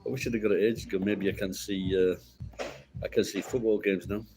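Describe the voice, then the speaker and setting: A man's voice: lowish voice, fairly even intonation, a little fast, mellow, slight background noise, poor audio. A middle-aged man with a Yorkshire accent, chatting casually in a rambling, sweary, blunt way. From Yorkshire, northern England.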